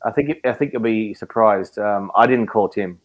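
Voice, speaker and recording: A man's voice: lowish voice, moderate pace, dull audio. An emotional, passionate man argues on a live stream. He stumbles over his words and repeats phrases as he pushes his point. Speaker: watch community member. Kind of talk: heated live-stream argument.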